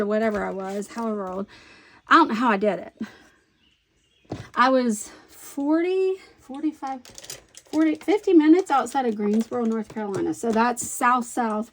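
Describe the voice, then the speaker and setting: A woman in her fifties rambles happily through a scrapbooking vlog, voice sitting a little high. She tells her stories with animation and breaks into frequent laughter. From Virginia, US. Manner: rambling, animated storyteller who laughs often. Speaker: scrapbooking vlogger. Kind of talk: chatty crafting vlog.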